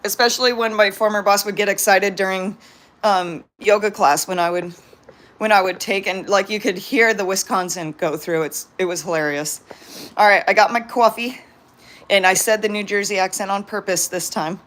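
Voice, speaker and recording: A woman's voice: medium pitch, fairly even intonation, moderate pace, a bit bright. A young woman from San Diego, with a Californian accent and a hint of New York, chatting bubbly on a livestream to her viewers and her pets. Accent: Californian, slight New York. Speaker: vlogger. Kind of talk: casual livestream chat.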